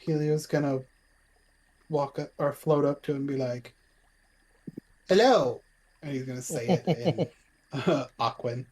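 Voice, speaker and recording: A man playing a tabletop game, talking in an unhurried, easygoing way. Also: a little high, steady tone, mellow, rough recording. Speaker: player. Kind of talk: casual chat during a tabletop game.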